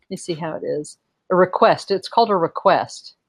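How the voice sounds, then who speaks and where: A woman's voice: lowish voice, a little fast, slightly rough, no room sound. A woman co-hosting a live audio call, chatty and effusive, a little flustered while handling the tech.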